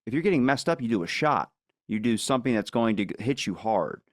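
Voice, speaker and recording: A man's voice: medium pitch, lively intonation, fast, dry recording, studio quality. A man chatting casually as a podcast guest, telling rambling stories with lots of fillers and swearing. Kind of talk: casual chat.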